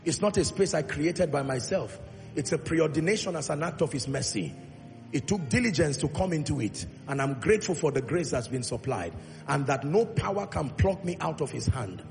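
A pastor preaches with a slightly high, gravelly voice, leading the congregation in call-and-response. He stretches key phrases out slowly and climbs to loud, emphatic peaks. His voice rings through a large church hall with a long echo and faint music underneath. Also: expressive. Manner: drawn-out, slow emphatic delivery on key points. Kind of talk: sermon.

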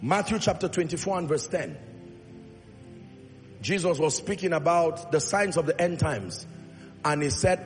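A man's voice: on the high side, expressive, normal speed, long pauses. A male pastor preaching a sermon with emphatic delivery, acting out Bible dialogue in his own voice. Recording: long reverb in a large hall, faint music.

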